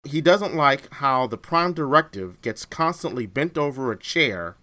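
A man's voice: medium pitch, lively intonation, a little slow, pushed and bright. A man co-hosting a fan podcast, talking in casual chat with lots of fillers and restarts. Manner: hesitant, many fillers and restarts. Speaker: podcast co-host.

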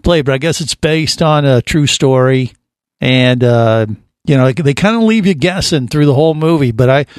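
A man's voice: medium pitch, moderate pace, dry recording. A man hosting a radio show, chatting in a casual, rambling and joking way in a studio. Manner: jokey, rambling banter.

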